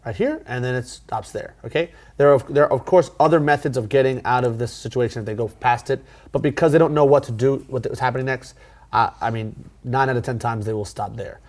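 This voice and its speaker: Relaxed man teaching card magic. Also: mid-range voice, a little fast. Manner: relaxed, talky, many fillers and restarts. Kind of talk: casual tutorial explanation.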